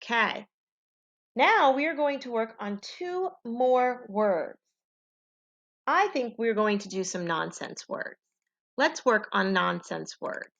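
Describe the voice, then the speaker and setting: A woman's voice: fairly high pitch, lively intonation, slow pace, fairly bright tone. A woman teacher giving a home phonics lesson to young children, in a patient call-and-repeat manner. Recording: dull lo-fi home recording.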